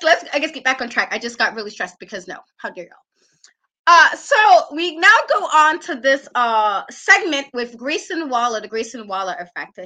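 A woman co-hosting a wrestling talk show, ranting in an animated, exasperated way and laughing often. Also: on the high side. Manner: emphatic repetition. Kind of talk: casual podcast rant.

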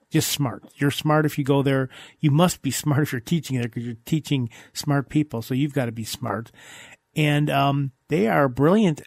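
A man's voice: mid-range voice, a little mellow, no echo, clean studio sound. A man hosting a casual podcast chat, enthusiastic and repetitive, often restarting his sentences. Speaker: host.

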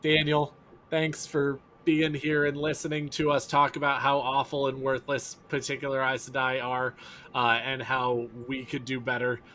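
A man's voice: medium pitch, completely flat delivery, moderate pace, pushed and bright, slight background noise. Emphatic, opinionated podcast co-host man. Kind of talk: casual chat.

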